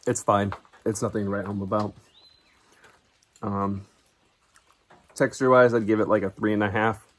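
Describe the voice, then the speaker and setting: A man's voice: on the low side, flat delivery, normal speed. A man chatting casually to the camera on a long hike, tired and wry, outdoors on a forest trail. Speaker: hiking vlogger.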